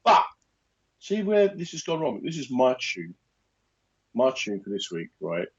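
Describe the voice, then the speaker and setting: A man co-hosts a relaxed chat and tells lively, exaggerated stories, slipping into other people's voices as he goes. His pitch moves up and down a good deal. The recording sounds a little muffled and lo-fi. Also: unhurried. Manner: animated storyteller, acts out other people's lines. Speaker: podcast co-host. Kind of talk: casual chat.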